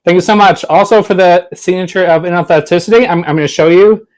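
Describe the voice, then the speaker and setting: A man's voice: high voice, steady tone, fast. Chatty man from Florida, livestream guest. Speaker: comic creator guest. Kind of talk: casual livestream chat.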